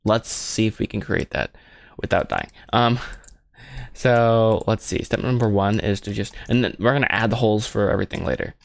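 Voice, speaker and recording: A man's voice: fairly low pitch, normal speed, gravelly, no room sound. Rambling self-mocking man at his desk. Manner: rambling, self-mocking, jokey asides to himself. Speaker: animator streaming his film work. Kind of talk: casual thinking-aloud commentary while modeling.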